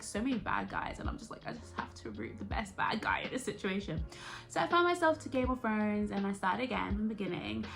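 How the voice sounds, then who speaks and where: A young woman talking straight to camera in a loose, chatty vlog. Her voice is bright and forward, and she slips into acted-out versions of her own reactions as she goes. Faint music sits underneath. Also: medium pitch. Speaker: vlogger reviewing a TV series. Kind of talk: casual chat to camera.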